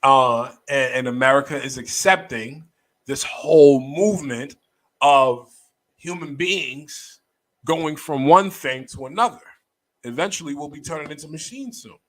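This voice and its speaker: A man hosting a livestream, ranting bluntly about a news story with profanity and repeated phrases, swinging between low muttering and loud outbursts. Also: a little slow, rough recording. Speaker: livestream host. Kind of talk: opinionated commentary on a news story.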